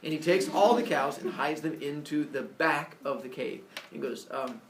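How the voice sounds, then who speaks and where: A man casually retelling a myth as a comedy story, animated, with jokey asides and lots of fillers. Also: on the high side, moderate pace, noisy background. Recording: echoey room, mic far off.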